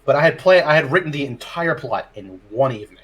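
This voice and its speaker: A man's voice: mid-range voice, lively intonation, quick pace, fairly bright tone, husky. A man, a dungeon master, telling a tabletop game story in casual chat, acting out his players' lines and laughing often.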